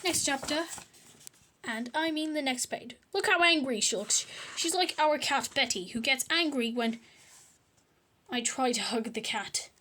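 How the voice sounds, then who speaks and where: A woman's voice: high voice, measured pace, bright, forceful tone, a little hiss or hum. A woman reading a children's book aloud, adding chatty asides. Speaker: storyteller.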